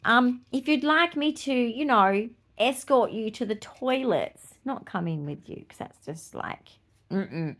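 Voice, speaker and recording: A woman's voice: on the high side, animated, measured pace, fairly bright tone. A middle-aged woman with an Australian accent, hosting a podcast in casual chat, blunt, swearing freely and laughing often. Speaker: podcast host.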